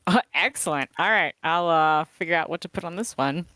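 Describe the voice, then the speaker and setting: A woman's voice: lowish voice, brisk, sharp tone, dry recording. A woman playing a tabletop game, talking in a playful, upbeat way. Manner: playful and upbeat, often laughing. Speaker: player.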